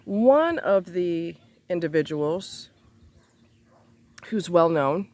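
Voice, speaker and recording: A woman ranting straight to her viewers in an angry monologue, full of cursing and repeated rhetorical questions, her voice jumping up high when she gets heated. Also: lively intonation, very slow, darkish tone. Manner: indignant, profane, rhetorical questions, pitch leaps when heated.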